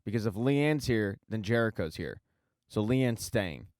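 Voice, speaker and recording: A man reading the lines of a desperate father, firm and insistent, a little lower and quieter than his narration. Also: animated, unhurried, dry recording, studio quality.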